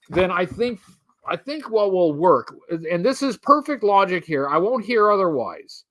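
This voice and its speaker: A man's voice: high-pitched, bright, forceful tone, no echo. A man hosting a live stream, chatting casually in a rambling, wry way and drifting off topic while he talks to viewers.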